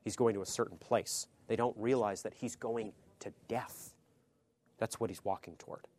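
Man preaching with sudden hushed drops. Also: normal speed. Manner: swings between emphatic loud phrases and hushed low asides; conversational, checks in with "okay?". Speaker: pastor or Bible teacher. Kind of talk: sermon teaching.

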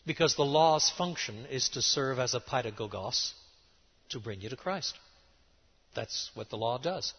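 A middle-aged man preaching a lecture-style sermon, emphatic and animated, with sudden rises and drops in his voice. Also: medium pitch, unhurried, husky. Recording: dull sound in a large reverberant hall.

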